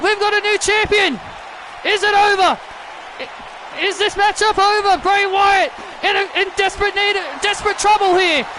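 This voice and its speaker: Very high-voiced man shouting play-by-play. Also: normal speed. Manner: excitable, often shouting calls. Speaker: gaming commentator. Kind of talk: excited play-by-play commentary over a wrestling video game. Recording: loud game crowd and noise behind. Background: wrestling game crowd noise.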